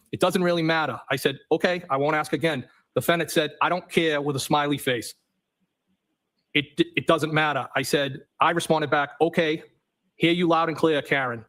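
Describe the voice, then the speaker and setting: A man on the witness stand, reading text messages aloud in a matter-of-fact way and saying the punctuation marks out loud. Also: fairly high pitch, poor audio. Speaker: trial witness.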